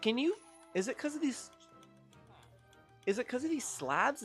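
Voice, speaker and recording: A woman's voice: a little high, huge pitch swings, measured pace, pauses often, slightly rough, faint music behind. Exasperated woman streamer ranting at a game. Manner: exasperated ranting, swears, scolds game mobs. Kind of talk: live gameplay commentary.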